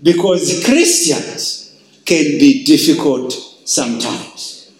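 A male pastor preaching a sermon, slow and emphatic, with dramatic pauses. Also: on the high side, animated, reverberant, slight background noise, poor audio.

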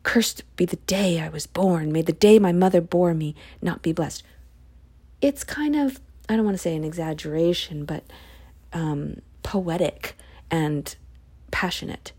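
A woman reading scripture aloud and explaining it in a casual, expressive way, sometimes dropping into a hushed whisper. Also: lowish voice, a little slow, husky. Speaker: Bible study podcaster. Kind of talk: casual Bible reading with commentary.

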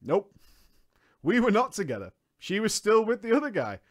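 A man's voice: high voice, wildly swooping pitch, moderate pace. A man reading a story aloud and breaking into mocking asides, laughing often as he comments.

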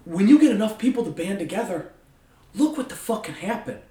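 A podcast host with a high, dark-toned voice that swings widely in pitch talks a little fast in a casual chat with a friend. He rants heatedly and swears heavily, picked up by a distant mic in an echoey room.

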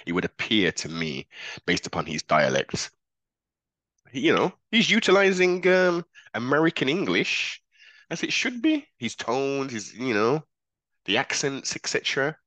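A man's voice: mid-range voice, wildly swooping pitch, a little slow, bright, forceful tone, no room sound. A man giving casual reaction commentary, talking in an emphatic, slangy way and often repeating himself. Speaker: commentator reacting to police footage.

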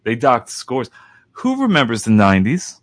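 A man's voice: mid-range voice, huge pitch swings, normal speed, no room sound. A man chatting casually on a gaming panel, rambling and sarcastic with a mock-grumpy edge. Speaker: podcast panelist. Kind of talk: casual chat.

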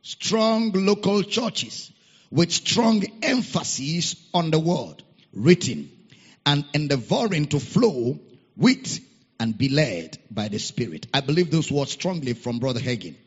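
A man's voice: on the high side, sing-song, unhurried, husky. A man preaching a sermon as pastor, repeating his key phrases and calling for amens from the congregation. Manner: repeats key phrases, rousing call-and-response. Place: church auditorium. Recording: muffled echoey church hall.

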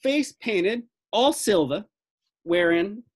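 A role-player voicing an excitable older man with a Southern accent who rambles and hesitates. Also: slow pace, husky. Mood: excited. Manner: rambling, hesitant, rises to high excited pitch.

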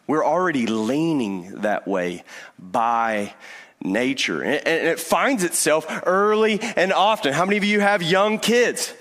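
A man in his thirties preaching a sermon as pastor, telling stories with lively restarts and repeated words. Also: fairly high pitch, measured pace. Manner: animated storytelling with many restarts. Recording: long hall reverb.

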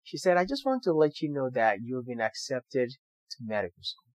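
A man's voice: mid-range voice, big pitch swings, normal speed, no echo. A young man earnestly telling a personal story to viewers, with motivational emphasis. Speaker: doctor sharing his story.

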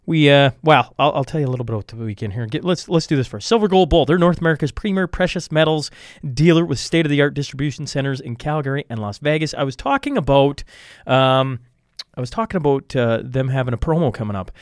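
A man's voice: medium pitch, fast talker, dry recording. Canadian guy hosting a podcast, got a cold, stumbles over words and laughs at himself, super dry close mic. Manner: rambling, self-deprecating, trips over words. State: has a cold. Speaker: podcast host reading sponsor ads. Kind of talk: casual podcast intro with ad reads.

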